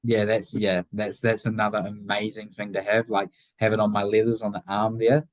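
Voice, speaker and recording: A teenage guy with a Southland New Zealand accent talks casually in an interview, circling his points with plenty of fillers and restarts. His voice sits a bit low, and the sound is dry and close with no room around it. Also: little pitch movement, normal speed, no echo, low-quality recording. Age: teens. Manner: rambling, many fillers and restarts. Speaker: guest, young motorcycle racer.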